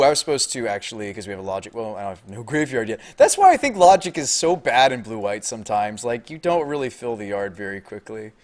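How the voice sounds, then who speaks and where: A man streaming live, commenting on a card game and chatting with viewers in a deadpan delivery with little inflection. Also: lowish voice, creaky. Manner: thinks aloud, chats with viewers.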